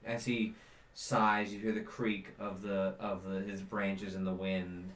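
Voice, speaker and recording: Game master, man, unhurried and rambling, low voice, roomy recording. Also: little pitch movement, fairly bright tone. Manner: rambling, many fillers, searching for words. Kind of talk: narrating a tabletop game. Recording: roomy echo.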